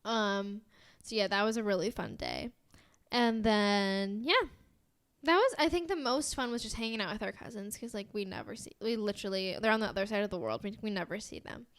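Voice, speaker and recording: A woman's voice: medium pitch, sing-song, a little fast, fairly bright tone, clean tone. A young woman with an American accent, co-hosting a podcast in bubbly casual chat, full of "like" and giggles. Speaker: podcast co-host.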